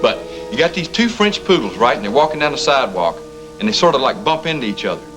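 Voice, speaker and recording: A man's voice: medium pitch, sing-song, quick pace, music in the background, low-quality recording. An actor in a 1980s TV soap playing a friendly, joshing man who fancies himself a comedian. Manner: easygoing, joshing. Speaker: friendly joker, would-be comedian.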